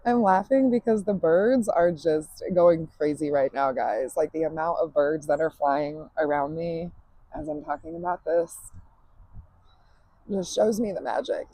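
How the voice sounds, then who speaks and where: Female podcast host, mellow husky voice, candid and emphatic, outdoor backyard monologue. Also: sits low, unhurried, rough recording. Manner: emphatic, swears freely, laughs often.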